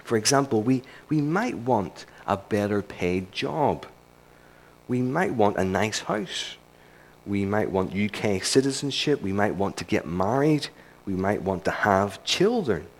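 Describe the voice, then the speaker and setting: A man's voice: on the low side, animated, unhurried. A man preaching a sermon in a church service, earnest and emphatic, building his points through repetition.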